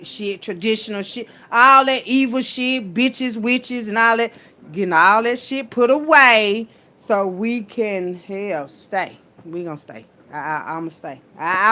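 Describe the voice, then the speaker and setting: A woman's voice: lowish voice, a little hiss or hum. A woman, preaching casually and profanely into her phone in a spiritual vlog. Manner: animated, preachy, profane, Southern US slang.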